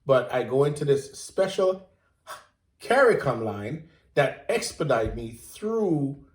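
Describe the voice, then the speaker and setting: A man hosting a casual online chat, talking in an animated, playful and emphatic way. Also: medium pitch, slow pace. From Jamaica. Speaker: show host. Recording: roomy echo.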